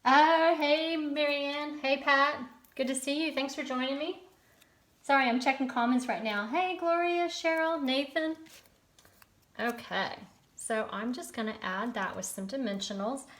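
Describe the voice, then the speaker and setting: A woman's voice: sits high, measured pace, a bit bright. Chatty woman teaching card-making. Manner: chatty, encouraging, greets viewers by name. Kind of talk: live crafting tutorial.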